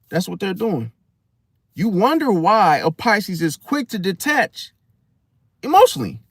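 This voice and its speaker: Male host, casual preachy monologue, fairly high voice. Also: dry recording, studio quality. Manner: preachy, repeats "see?" and "bro", acts out quoted apologies. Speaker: astrology channel host.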